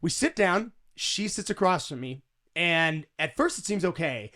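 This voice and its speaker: A man hosting a podcast, telling a story in a lively, animated way with frequent restarts. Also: on the high side, a little slow. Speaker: podcast host. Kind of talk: casual interview chat.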